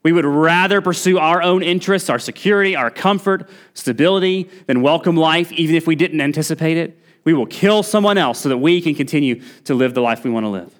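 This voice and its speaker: A man's voice: a little high, fairly quick, few pauses. A man preaching a sermon as pastor in a church, earnest and pressing, lifting his voice on key points. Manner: earnest preaching, rising emphasis on key points, occasional restarts. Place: church sanctuary.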